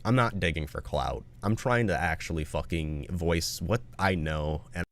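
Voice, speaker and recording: A man's voice: low voice, normal speed. A man making a commentary video, appealing earnestly to viewers and swearing often. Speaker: video creator.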